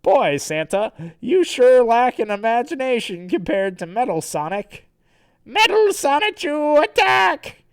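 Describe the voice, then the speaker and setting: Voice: mid-range voice, very animated, unhurried, darkish tone, clean tone, no echo, voice pushed up. A streamer voicing a cocky cartoon hedgehog hero with a brash, taunting manner. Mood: mocking.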